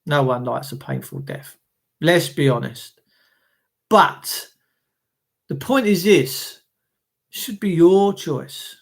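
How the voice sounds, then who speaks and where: A middle-aged man with a notably high voice for a man talks straight to his viewers in a loose, blunt rant. He swears freely and doubles back over his own words as he goes. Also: lively intonation, slow, gravelly, pauses often. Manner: blunt, heavy swearing, repeats himself. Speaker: livestream host reading chat. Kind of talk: casual ranting monologue.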